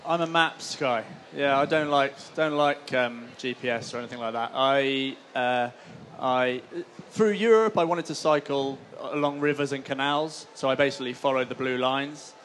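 A man on a live panel giving a relaxed, rambling answer. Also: medium pitch, moderate pace, few pauses, slight background noise. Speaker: touring cyclist on a panel.

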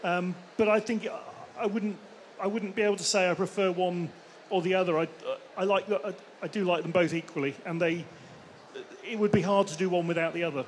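A man with a high voice answers panel questions thoughtfully, pausing and restarting as he thinks. Light noise sits under his voice. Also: steady tone. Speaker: cycling author on a panel.

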